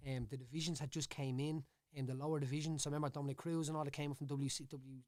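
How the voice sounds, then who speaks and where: A man's voice: on the high side, level tone, fast. A man with a Dublin Irish accent, a podcast guest talking casually and rambling, with stumbles, repeated words and "you know what I mean" tags. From Ireland. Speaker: podcast guest, former fighter. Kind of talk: casual chat. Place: studio.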